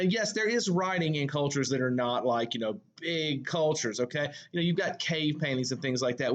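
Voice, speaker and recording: A man's voice: on the high side, lo-fi sound. A male English teacher with a Southern US accent giving a recorded lecture. He talks in a conversational way, full of fillers and self-corrections. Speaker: high school English teacher.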